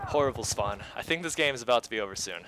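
A man with a bright, forceful voice commentating his own gameplay live. He chats casually to his viewers at a middling pitch, muttering under his breath between sudden outbursts, with faint game noise in the background. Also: lively intonation, racing. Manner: casual, chatty, talks straight to viewers. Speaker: gaming video host.

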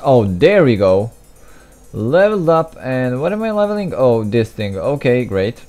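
A man's voice: medium pitch, big pitch swings, a little slow, darkish tone. A young man giving casual gameplay commentary, mumbling, restarting his sentences and putting himself down. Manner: mumbly, self-deprecating, frequent restarts and asides. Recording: faint game music behind.

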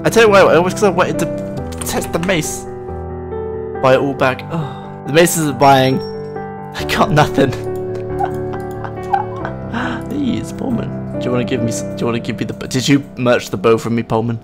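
Excitable man commentating his game. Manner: excitable, quick swings into high-pitched outbursts; playful, laughs at his own misfortune. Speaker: gaming channel host. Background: game background music.

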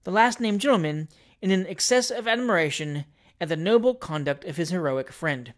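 A reader narrating a classic novel at a measured pace, with a wry, dry touch. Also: mid-range voice, expressive. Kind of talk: audiobook reading of a classic novel.

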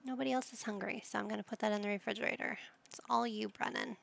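A woman's voice: mid-range voice, steady tone, quick pace, creaky, fairly bright tone. A woman giving casual let's-play commentary, playful and motherly, with silly made-up words. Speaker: gaming video host.

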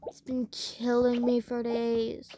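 A woman's voice: fairly high pitch, completely flat delivery, takes it slowly, warm tone. A young woman giving casual, rambling commentary while playing a game, talking to the game and her viewers. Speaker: gameplay vlogger.

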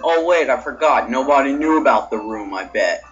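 A young man giving frustrated, excitable commentary over a game he is playing, often yelling. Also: mid-range voice, moderate pace, few pauses. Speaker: gameplay video maker. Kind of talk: frustrated let's-play commentary. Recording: dull lo-fi mic with game music.

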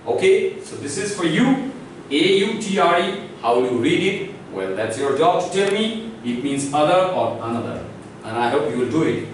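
A man's voice: fairly high pitch, distant mic, slight background noise. Indian man teaching in an echoey room. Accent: Indian English. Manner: instructive, repeats sounds and quizzes viewers. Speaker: language teacher. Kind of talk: online language lesson.

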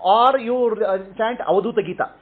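High-voiced man teaching, phone-line sound. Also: fairly quick, breathy edge. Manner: explains in short repeated phrases, checking with "okay?". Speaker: spiritual teacher. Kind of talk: teaching answering questions. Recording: tinny phone-like audio.

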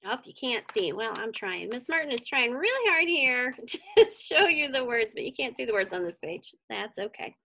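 A woman reading a picture book aloud to children, animated and stopping to ask them questions. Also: fairly high pitch, normal speed. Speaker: children's story reader.

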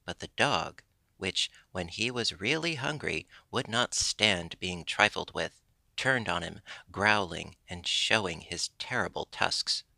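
A man reading a classic children's story aloud in measured scripted narration. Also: sits low, lively intonation, vocal fry, pushed and bright, no room sound. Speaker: audiobook narrator.

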